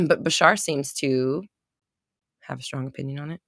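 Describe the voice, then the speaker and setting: Low-voiced chatty woman streamer. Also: a little slow, gravelly, no echo, clean studio sound. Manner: chatty, laughs often, reads viewer comments aloud. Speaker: livestream host. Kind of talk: casual live stream chat.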